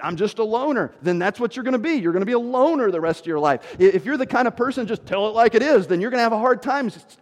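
A man in his forties preaching a sermon as pastor, animated, acting out what people say. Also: sits high, long reverb tail. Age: 40s. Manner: animated preaching, quoting people in put-on voices.

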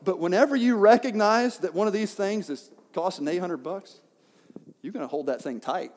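A man's voice: high-pitched, moderate pace, a little mellow. A young man preaching a sermon in a church, talking animatedly and asking the congregation questions. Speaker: pastor. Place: church sanctuary. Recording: long reverb of a church hall.

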